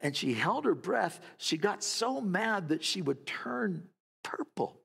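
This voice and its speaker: A man's voice: high voice, big pitch swings, takes it slowly, gravelly, fairly bright tone, slightly rough, long reverb tail. A man preaching a sermon, telling a story and mimicking barking dogs with playful asides. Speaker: pastor.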